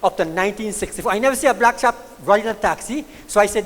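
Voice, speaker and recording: A middle-aged man from Guyana with a Guyanese accent, doing animated stand-up storytelling with Creole-tinged grammar on a comedy club stage. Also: high voice, fast talker. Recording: long hall reverb, live archive recording.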